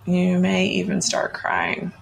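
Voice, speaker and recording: A middle-aged woman hosting a podcast, gently and encouragingly guiding listeners through a self-love exercise. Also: lowish voice, big pitch swings, slow, gravelly, a little hiss or hum. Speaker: podcast host.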